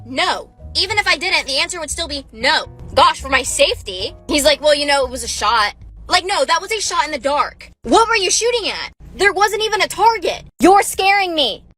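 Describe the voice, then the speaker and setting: A young woman telling a casual storytime to her phone camera in a chatty, animated way, full of "like". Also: high voice, brisk, faint music behind. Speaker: TikTok creator.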